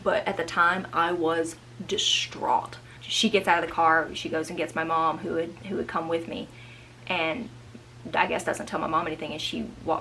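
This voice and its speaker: A woman of about thirty telling a personal story in a chatty, animated vlog monologue with frequent asides. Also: fairly low pitch, creaky, slight background noise, low-quality recording. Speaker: vlogger. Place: indoors at home.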